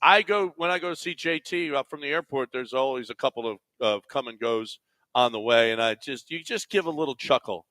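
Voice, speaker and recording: A man's voice: mid-range voice, brisk, pushed and bright, no echo. A man co-hosting a sports radio show in a studio, reading odd news items with wry, teasing banter. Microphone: studio microphone.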